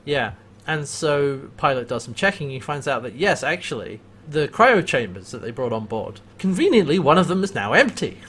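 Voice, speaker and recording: A man's voice: fairly high pitch, normal speed, slightly rough. Chatty man retelling a show, laughing. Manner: animated retelling, acts out quotes, laughs often. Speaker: podcast co-host recapping a TV episode. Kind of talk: casual chat.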